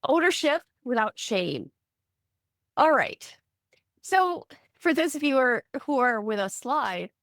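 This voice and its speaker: A middle-aged woman from the US, an ADHD coach teaching on a live video call, animated and acting out quoted voices with self-deprecating asides. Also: a little high, dry recording, clean studio sound. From Midwestern US. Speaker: ADHD coach and guest speaker.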